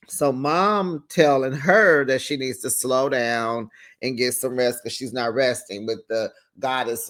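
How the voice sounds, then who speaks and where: A man hosting a casual reality TV recap, sassy and playful, laughing often and acting out quotes in exaggerated voices. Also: mid-range voice.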